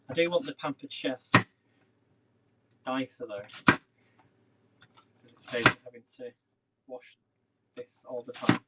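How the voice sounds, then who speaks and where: Speaking slowly with frequent pauses, a man at medium pitch runs a casual live cooking demo at home, rambling and chatting with viewers as he goes. Heavy background noise is present.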